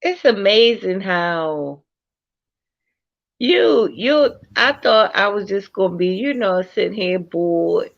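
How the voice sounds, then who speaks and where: Slow, lively-voiced woman hosting a stream. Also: mid-range voice, vocal fry. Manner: slow, laughing, animated. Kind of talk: casual group chat. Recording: dull lo-fi online call audio.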